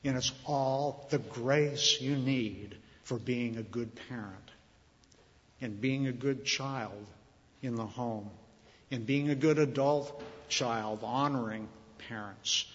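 A man preaching a sermon, slow and earnest, rising louder on key phrases and dropping soft at the ends. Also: mid-range voice. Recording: muffled reverberant hall.

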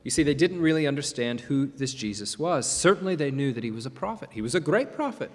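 A man preaching a sermon as pastor, emphatic, with dramatic pauses and swings between loud and soft. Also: mid-range voice, expressive. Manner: emphatic, rising and falling delivery with dramatic pauses. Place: church sanctuary. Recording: long reverb of a large hall.

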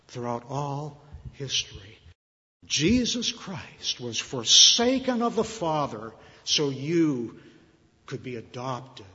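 A man preaching a sermon, slow and earnest, rising louder on key phrases and dropping soft at the ends. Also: fairly high pitch, expressive. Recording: muffled reverberant hall.

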